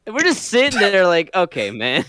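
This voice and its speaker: A man's voice: high-pitched, wildly swooping pitch, moderate pace, a crowd in the background. A man co-hosting a casual podcast, ranting with lots of swearing and laughter. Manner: loud, laughing, swearing rants. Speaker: podcast co-host. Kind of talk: casual wrestling podcast chat.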